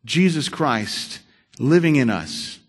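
A man preaching a sermon, telling a story with dramatic shifts between loud and hushed delivery. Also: mid-range voice, expressive, slow pace, husky.

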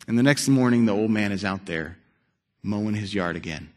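A man preaching a sermon, telling a story with dramatic shifts between loud and hushed delivery. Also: fairly low pitch, brisk.

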